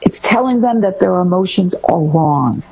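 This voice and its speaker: Animated husky woman giving parenting tips. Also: fairly low pitch, moderate pace, lo-fi sound. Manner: animated, acts out parent phrases. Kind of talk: casual podcast talk.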